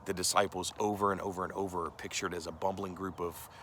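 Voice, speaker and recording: A man's voice: low voice, little pitch movement, quick pace, a bit bright, a little hiss or hum. A male pastor giving a conversational sermon, earnest and direct, often asking the listeners questions.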